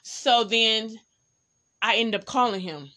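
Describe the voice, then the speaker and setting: Brief: young woman, Bay Area accent, podcast host, frank casual storytelling, crisp bright tone. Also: a little high, slow. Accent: San Francisco Bay Area. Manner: candid, animated, speaks straight to listeners.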